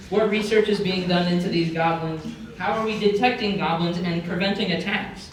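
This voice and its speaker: A man's voice: high-pitched, a little fast, a crowd in the background. Man hosting a comedy panel in an echoey hall. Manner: deadpan mock-conspiratorial, chatty with many fillers. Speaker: panel host. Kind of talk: mock-serious comedy panel talk. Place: convention panel room with audience. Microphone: room microphone. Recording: very echoey hall from far off, noisy.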